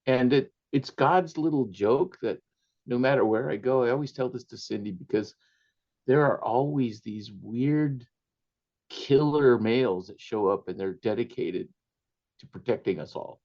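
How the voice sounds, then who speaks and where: A man from Tijuana, an author, telling stories in a radio interview with animated delivery and frequent laughter. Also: mid-range voice, a little slow, muffled recording. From Tijuana, Mexico. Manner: animated storyteller who laughs often and acts out quotes.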